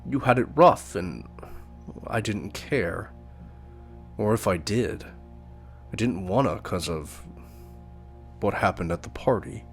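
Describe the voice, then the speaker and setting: A man's voice: fairly low pitch, expressive, slow, long pauses, soft background music. A man playing a coarse, brazen young man. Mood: regretful. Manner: blunt and crude.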